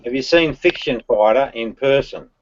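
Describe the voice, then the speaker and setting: A man's voice: medium pitch, moderate pace, no room sound. An Australian man hosting a live stream, laughing often and teasing in Aussie slang. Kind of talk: casual live-stream banter. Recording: lo-fi stream audio with faint hiss.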